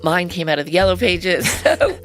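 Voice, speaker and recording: A woman's voice: lowish voice, very animated, normal speed, fairly bright tone, faint music behind. A middle-aged woman, a guest founder, telling her story in a chatty interview and laughing often. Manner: chatty, laughs often, acts out quoted voices. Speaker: guest, handbag company founder.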